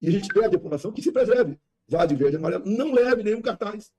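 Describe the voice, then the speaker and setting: A man's voice: sits high, animated, rapid-fire, darkish tone. A man making an emotional political speech, pleading and close to tears, heard in a clip played back on the show.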